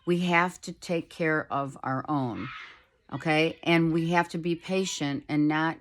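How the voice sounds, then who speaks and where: A middle-aged woman giving a casual tarot reading at home, talking softly and rambling, with many fillers. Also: low-pitched, a little slow, a little hiss or hum. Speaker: tarot reader. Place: home, with a child heard in the background.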